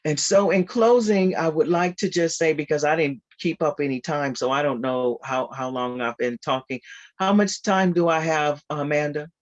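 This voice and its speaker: A guest speaker giving an informal spiritual talk on a video call, animated and repetitive with frequent laughter. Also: medium pitch, normal speed, dull audio.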